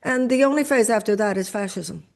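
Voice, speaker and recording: A woman's voice: mid-range voice, a little fast, gravelly, darkish tone. An older woman, speaking as a guest and making an impassioned, lecturing political argument. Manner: emphatic, lecturing, builds arguments with examples.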